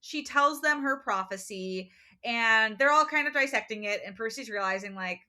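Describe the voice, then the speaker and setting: A woman co-hosting a podcast, recapping a book in casual chat and acting out quick quotes from the characters. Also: a little high. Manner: animated storytelling with quick voiced quotes and laughs. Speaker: podcast co-host.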